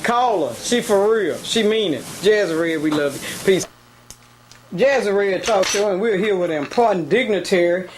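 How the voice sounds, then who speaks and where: A man hosting an on-location talk show, chatty and lively, out of breath as he talks to viewers. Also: high voice, a little hiss or hum. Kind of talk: casual on-location interview.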